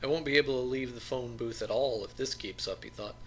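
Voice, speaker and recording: Gravelly bright-toned male narrator. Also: mid-range voice, fairly quick, slight background noise. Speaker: audiobook narrator. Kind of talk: audiobook reading of a novel.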